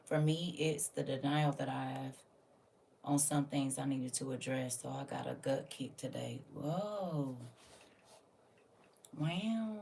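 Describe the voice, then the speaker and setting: Recorded from a distance with a little background noise, this woman's voice is extremely low and creaky. She hosts a casual livestream where she teaches a class, teasing and preaching to her chat in a sassy way and breaking into loud bursts of scolding.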